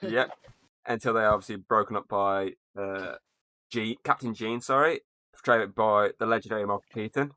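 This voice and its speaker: A man's voice: fairly low pitch, steady tone, moderate pace, sharp tone, dry recording. A young man hosting a casual movie review podcast, swearing freely and laughing often. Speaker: podcast host.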